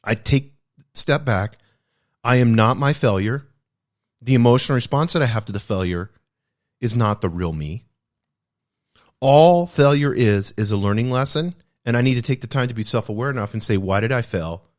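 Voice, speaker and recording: A man's voice: mid-range voice, normal speed, pauses often, darkish tone. A man hosting a podcast, discussing a self-help book in an earnest, reflective way and repeating key phrases for emphasis. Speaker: podcast host.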